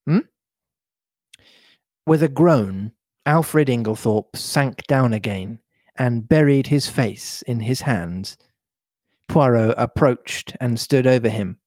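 Male podcast host, slow husky read-aloud, dry close mic. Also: medium pitch, darkish tone, no room sound. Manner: reads slowly, adding playful asides. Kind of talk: casual chat and book reading.

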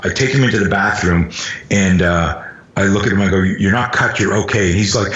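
Low-pitched and fast with a fairly bright tone, a middle-aged self-defense instructor swaps casual, profane stories, acting out sounds and quotes. The recording is roomy, dull and lo-fi.

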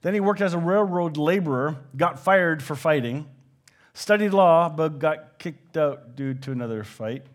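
A man's voice: fairly high pitch, normal speed. A man preaching a sermon in a conversational way, acting out quoted everyday phrases as he goes. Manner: conversational, with animated quoted asides. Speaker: pastor.

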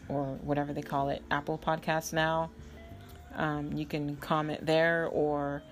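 A woman hosting her own podcast, chatting casually to her listeners with frequent fillers. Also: low voice. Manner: chatty, informal, trailing fillers. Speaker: podcast host. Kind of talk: casual solo podcast chat.

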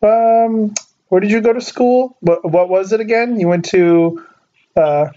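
A man's voice: high voice, a little slow, warm tone, lo-fi sound. A man from California hosting a podcast, chatty and teasing, laughing often and restarting his sentences. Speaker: podcast host. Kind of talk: casual chat.

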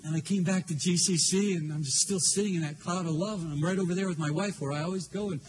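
Older preacher with a high voice. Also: male voice, fairly even intonation, quick pace, slight background noise. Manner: earnest, emotional storytelling. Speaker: pastor. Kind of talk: sermon.

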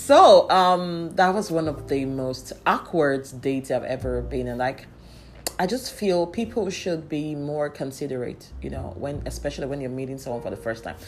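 A woman in casual storytelling, candid and lively, with exasperated asides and frequent laughs. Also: low-pitched, unhurried, a little hiss or hum.

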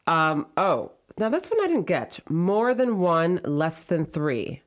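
A woman from South Florida in a relaxed chat, laughing often and spelling words out letter by letter. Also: fairly low pitch, slow. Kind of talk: casual chat.

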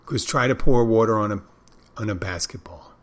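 Low-voiced man rambling to his listeners. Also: normal speed. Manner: meandering, self-correcting, loses his thread. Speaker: podcast host. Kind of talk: casual rambling monologue.

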